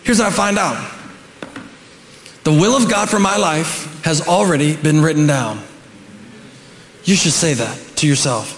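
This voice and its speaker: A middle-aged man preaching a sermon as pastor, animated, building to shouts, with joking asides. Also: fairly high pitch, normal speed, pauses often, slight background noise. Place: church sanctuary. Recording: echoey church hall with long reverb.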